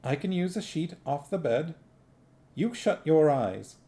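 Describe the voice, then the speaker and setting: Dude voicing a no-nonsense young woman, pitched up a bit, slow and gravelly underneath. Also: expressive, dark tone. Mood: brisk. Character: brisk practical young woman watch officer.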